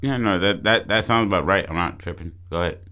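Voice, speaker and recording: Man, very low voice, podcast co-host, crude joking, casual chat. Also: fast, pushed and bright. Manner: joking, crude, pitching ideas with restarts.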